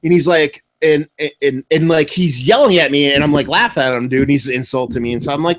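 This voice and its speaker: A man's voice: on the high side, quick pace, hardly any pauses. A young man with a slightly raised voice co-hosts a casual beer podcast. He rambles and curses as he tells stories, and his voice jumps up whenever he acts out other people. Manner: rambling, profane, animated storytelling. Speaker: podcast co-host. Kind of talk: casual chat.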